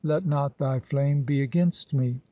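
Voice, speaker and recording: A man giving a measured, solemn reading of an ancient religious text as an audiobook. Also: mid-range voice, dark tone, no echo, dull audio. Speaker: audiobook reader.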